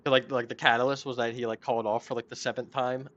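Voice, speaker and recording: A man's voice: mid-range voice, flat delivery, quick pace, a bit bright, highs cut off. A young man in casual chat while gaming, rambling with lots of fillers and swearing freely.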